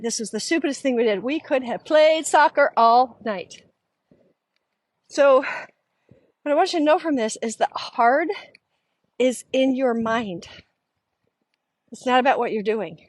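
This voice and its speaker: A middle-aged woman tells a story in an animated, casual style, stepping into the voices of the people she quotes. Her voice sits high. The sound is dry and close. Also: no room sound. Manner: animated, acts out quoted voices, laughs often. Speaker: podcast host.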